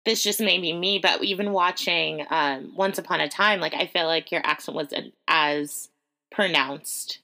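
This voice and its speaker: A woman's voice: sits low, a little slow, gravelly, pushed and bright. A woman hosting a podcast interview, asking rambling questions full of likes and laughs. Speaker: podcast host. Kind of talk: casual interview chat.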